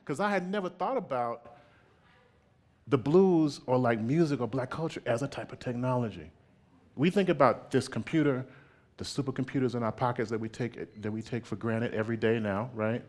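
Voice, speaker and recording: A man giving a public artist talk in an animated way, laughing often and checking in with "right?". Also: mid-range voice, normal speed.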